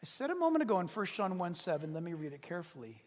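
A pastor preaching a sermon, animated and dramatic, dropping to whispers and acting out little scenes. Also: male voice, high voice, racing, long reverb tail. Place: church service.

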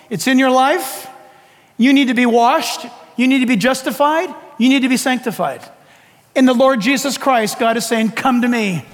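A male pastor preaching a sermon in an animated way, acting out urgent calls and laughing with the crowd. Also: very high voice, long reverb tail.

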